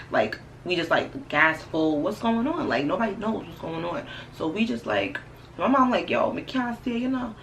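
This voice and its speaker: A young woman telling a storytime on her vlog, animated, slangy and profane. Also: low voice, a little hiss or hum, rough recording. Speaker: vlogger. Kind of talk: casual storytime.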